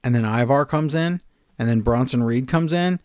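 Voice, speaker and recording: A man co-hosting a wrestling podcast recaps the week's shows in casual chat, sounding sarcastic and exasperated. His voice is medium in pitch, a little mellow and clean in tone, at normal speed. The recording is dry, with clean studio sound.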